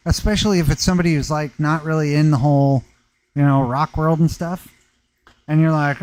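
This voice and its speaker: A man's voice: a little high, normal speed, a little mellow, poor audio. A man hosting a casual live chat from his stone-working workshop, laid-back and slangy, laughing often. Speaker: workshop vlogger talking to live viewers.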